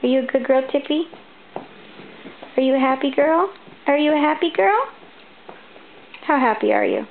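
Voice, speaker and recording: A woman's voice: sits high, lively intonation, normal speed, gravelly, long pauses, slight background noise. A woman at home talking to her dogs in playful, sing-song baby-talk, recorded on a tinny home video. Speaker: dog owner filming her pets.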